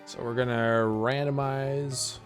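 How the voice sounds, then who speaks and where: A man's voice: medium pitch, slow pace, soft background music. A man streaming a video game, chatting casually with his viewers as he picks options. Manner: relaxed, chatty, talks to chat while picking options. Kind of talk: casual game livestream commentary.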